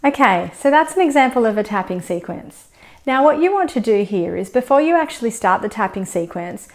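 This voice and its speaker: Woman instructor, calm and steady, explains tapping points and scripts. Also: mid-range voice. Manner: calm, steady guidance, slowing down for demonstration scripts. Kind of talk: instructional demonstration.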